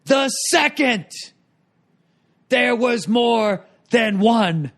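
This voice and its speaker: A man putting on the voice of a brash male ring announcer who mocks the fighters as he introduces them, with drawn-out, booming delivery. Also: lively intonation, fairly bright tone, full character voice. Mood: mocking hype.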